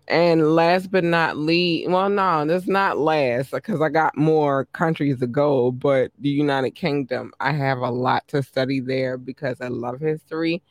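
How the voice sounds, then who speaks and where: Guy hosting a podcast, talks real slow and chatty, kinda higher voice, dry close sound. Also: fairly even intonation, dry recording. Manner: slow, chatty, laughs easily, shout-outs to listeners. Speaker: podcast host premiering music. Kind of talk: casual podcast talk.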